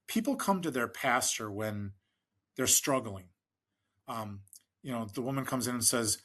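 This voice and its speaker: A middle-aged American man with a bright, forward voice tells rambling stories in a podcast interview. He fills his speech with ums and restarts and slips into the voices of the people he quotes. His pitch sits at an ordinary level for a man. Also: animated, unhurried, long pauses. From United States. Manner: rambling anecdotes, frequent fillers and restarts, acts out quoted people. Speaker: fundraising expert guest. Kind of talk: conversational storytelling in a podcast interview.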